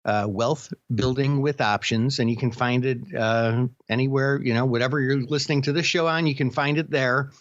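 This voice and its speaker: A man's voice: mid-range voice, little pitch movement, brisk, hardly any pauses, fairly bright tone, dry recording, muffled recording. A man co-hosting a casual podcast chat, telling stories with many restarts and fillers. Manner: rambling storyteller with many restarts. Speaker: podcast co-host.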